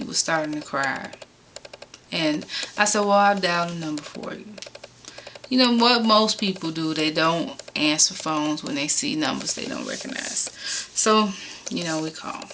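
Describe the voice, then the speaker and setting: Animated storytelling woman, bright voice. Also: lowish voice, slight background noise. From Chicago. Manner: animated, rising sharply when exasperated. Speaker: vlogger telling a personal story. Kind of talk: casual storytelling.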